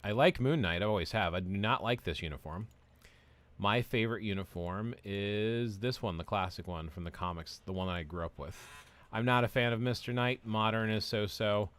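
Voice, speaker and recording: A man's voice: fairly low pitch, moderate pace, a bit bright. A man streaming a mobile game, chatting casually and rambling as he answers viewers' comments. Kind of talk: casual live-stream chat while playing.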